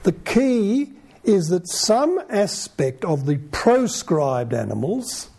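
A man giving an informal Bible teaching in a conversational way, full of rhetorical questions and lively asides. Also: high voice, takes it slowly, gravelly, breathy edge.

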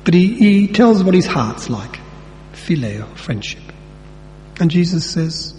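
A man delivers a sermon in a relaxed, conversational manner and slips into colloquial dialogue. His voice sits slightly high with a soft, mellow tone. The sound rings out with long hall reverb over a faint background hum. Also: unhurried. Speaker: preacher.

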